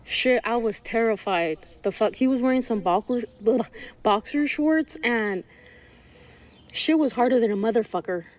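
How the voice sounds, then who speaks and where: A woman's voice: a little high, expressive, moderate pace. A woman telling a personal story in a candid, casual way, blunt and profane, acting out other people's lines as she goes. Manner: acts out quoted voices mid-story.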